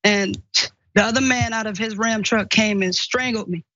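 A woman's voice: medium pitch, steady tone, moderate pace, fairly bright tone, highs cut off. A woman urgently telling a first-person story, often repeating what others said. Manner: retells dialogue in quotes, urgent. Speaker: guest recounting an incident.

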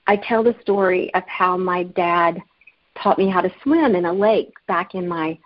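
A woman's voice: on the low side, normal speed. Woman from Alabama, earnest storyteller, interview guest, muffled lo-fi audio. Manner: earnest, storytelling, laughs easily. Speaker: author and guest. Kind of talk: interview conversation.

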